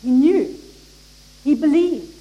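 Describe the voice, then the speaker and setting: A woman preaching a sermon, acting out the people in the story with expressive delivery. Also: sits high, slow, dull audio. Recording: echoey hall with faint noise.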